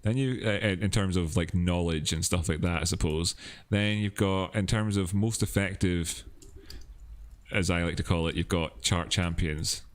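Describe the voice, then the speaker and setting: A male livestream host with a fairly low voice rambles casually through his thoughts. He laughs often and keeps the chat loose and unscripted. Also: steady tone, normal speed. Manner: rambling, laughs often, many fillers and restarts.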